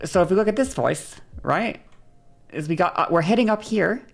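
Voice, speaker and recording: A woman streamer explaining something casually, with a bouncy, varied delivery that speeds up and slows down and swears freely. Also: lively intonation, vocal fry. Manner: bouncy, varied pitch and shifting pace.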